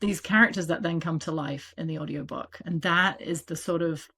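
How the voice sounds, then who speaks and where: A woman's voice: sits low, breathy edge. A woman with a British accent, an audiobook publisher talking casually and animatedly as an interview guest. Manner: animated, chatty, quick asides with laughs.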